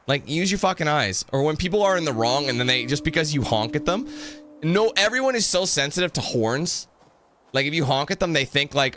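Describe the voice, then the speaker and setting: A man's voice: fairly high pitch, big pitch swings, brisk, sharp tone. A man giving casual gameplay commentary, rambling into a profane rant. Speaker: gameplay video creator.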